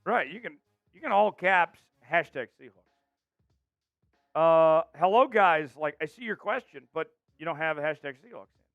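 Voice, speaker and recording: A man's voice: on the high side, animated, moderate pace, dry recording, phone-quality sound, soft background music. A man hosting a live sports show, talking energetically and calling out viewers from the chat. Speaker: show host.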